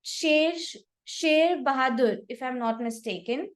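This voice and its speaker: A young woman giving upbeat, encouraging feedback to speakers at a club meeting, with gentle suggestions for each one. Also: sits high, a little slow. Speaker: table topics evaluator.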